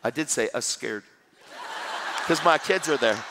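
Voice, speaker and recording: A man preaching a sermon, telling a story in a lively, joking way and acting out the dialogue. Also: medium pitch, a little slow, in a large hall, a faint crowd, slight background noise. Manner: animated, jokey, acts out dialogue.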